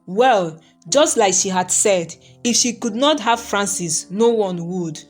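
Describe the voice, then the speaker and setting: A woman narrating a romantic folktale story in a steady, even reading voice. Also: medium pitch, slow, faint music behind.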